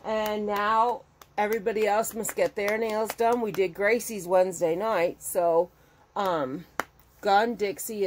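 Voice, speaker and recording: A woman's voice: medium pitch, steady tone, a little slow, slight background noise. A middle-aged woman chatting casually as a crochet vlogger at home, rambling and emotional as she talks. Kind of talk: casual chat. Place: home with her dogs.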